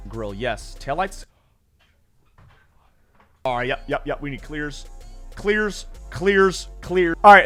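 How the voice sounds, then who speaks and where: Excitable young man, high lively voice. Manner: excitable, blurts loud exclamations. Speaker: gaming YouTuber. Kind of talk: excited gameplay commentary. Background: game music.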